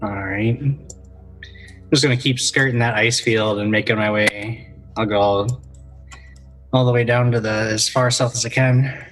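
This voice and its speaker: A man's voice: medium pitch, steady tone, normal speed, pauses often, fairly bright tone, faint music behind. Matter-of-fact man player. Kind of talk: casual game chat.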